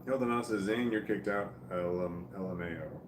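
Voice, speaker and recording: A Midwestern man with a Midwestern accent, high and tired, reading chat messages aloud on a casual livestream, mumbling and breaking into laughter. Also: fairly quick, reverberant, noisy background. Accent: American Midwestern. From American Midwest.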